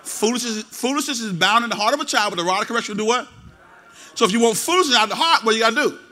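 A middle-aged male pastor delivers a sermon in a high, piercingly bright voice. He leans on repetition and call-and-response, dropping low for asides and then rising into loud exhortation. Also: lively intonation, very fast.

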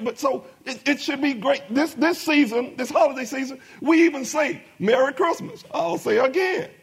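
A man's voice: extremely high pitch, vocal fry, husky. A middle-aged man preaching a sermon as pastor, with emphatic rising bursts and many repetitions.

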